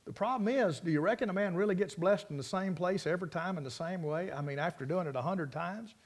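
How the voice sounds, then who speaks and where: A man's voice: high-pitched, fast. A man, preaching a sermon in a folksy, rambling, plainspoken way full of stories. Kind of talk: sermon with storytelling.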